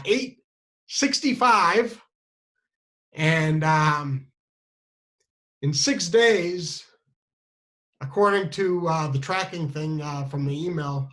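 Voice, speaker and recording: A man telling a funny personal story, self-mocking and halting, with many restarts and fillers. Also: a little high, bright, forceful tone, rough recording.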